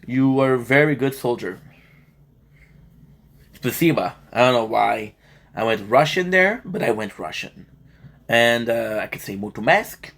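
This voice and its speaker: Here the streamer's voice is medium-pitched and somewhat bright, with vocal fry and an ordinary speed. He banters easily and jokes with viewers, then shifts into commentary on the game, all while seeming worn out and slightly ill.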